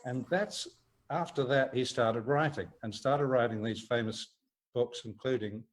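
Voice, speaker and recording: A man's voice: medium pitch, a little slow, low-quality recording. Laughing, rambling New Zealand man. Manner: rambling storyteller, laughs often, many restarts. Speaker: guest actor. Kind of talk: casual anecdote on a talk show.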